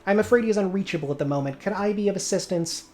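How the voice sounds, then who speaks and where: A man's voice: high-pitched, fast, darkish tone, voice pushed up, natural voice. A man voicing a polite, prim female secretary who guards a club's door. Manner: polite, crisp, gatekeeping.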